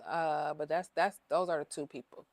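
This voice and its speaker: A woman's voice: low voice, fairly even intonation, normal speed, gravelly, dry recording. A woman who owns a cleaning business, talking openly in a casual interview, emotional and repeating herself with lots of fillers. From Ohio.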